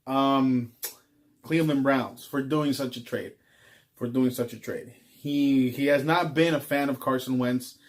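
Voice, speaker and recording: A man's voice: medium pitch, steady tone, unhurried. A man vlogging in a casual ranting monologue, rambling with frequent ums.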